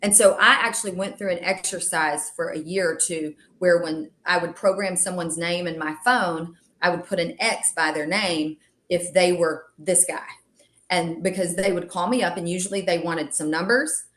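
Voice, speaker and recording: A woman, a real estate agent who calls herself an extreme extrovert, telling animated stories as a podcast guest and acting out the dialogue. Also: on the low side, moderate pace. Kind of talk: casual interview storytelling.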